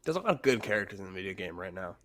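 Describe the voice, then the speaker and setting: A man's voice: low voice, very animated, racing, a bit bright. A man casually commentating a fighting game tournament stream, chatty and laid-back.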